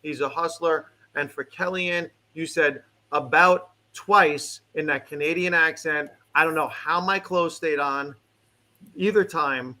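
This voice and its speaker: A man talking as a comedian guest in casual chat, animated and joking with emphatic repeats. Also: on the high side, measured pace.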